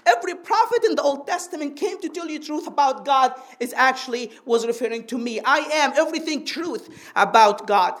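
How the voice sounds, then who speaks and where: Her voice is high and bright as she delivers an animated sermon to her congregation. Patient in her teaching, she keeps asking for an amen and lingers slowly over the phrases she wants to emphasize.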